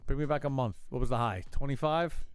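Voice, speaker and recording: A man's voice: mid-range voice, quick pace, smooth, no echo, faint music behind. A man hosting a live call-in talk show, riffing on news headlines with sarcastic, profane, mocking asides. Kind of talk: casual comedic news riff.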